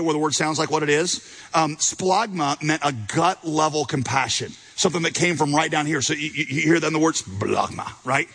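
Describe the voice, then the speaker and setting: A man preaching a sermon as a pastor, telling a parable with lively acted-out quotes. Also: husky, rough recording. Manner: storytelling preacher, voices quotes with big pitch swings.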